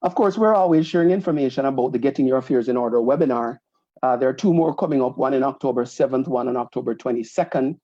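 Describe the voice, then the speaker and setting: A warm, mellow-voiced man hosts a community show, running through announcements in an easygoing, conversational way. The sound is dry and close, with a slightly dull, lo-fi quality. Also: mid-range voice, fast, dry recording. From Jamaica. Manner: conversational, often adding a questioning "right?". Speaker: host of a community association show. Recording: slightly muffled lo-fi recording.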